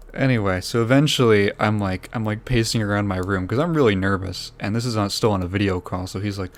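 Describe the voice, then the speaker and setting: Speaking at a moderate pace in a lowish voice, this male podcast host spins a meandering tale at his own expense. He laughs frequently and curses along the way.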